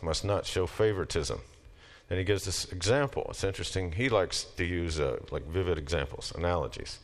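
A middle-aged man giving a casual lecture, moving between plain talk and emphatic readings of scripture. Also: sits low. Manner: conversational, reads passages aloud with rising emphasis.

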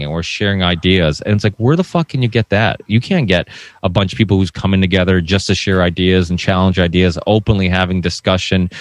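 A man's voice: deep voice, no room sound. A man co-hosting a podcast, ranting heatedly and swearing freely, with lots of restarts as he gets worked up. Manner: talks in run-on restarts. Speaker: podcast co-host. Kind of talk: casual podcast discussion.

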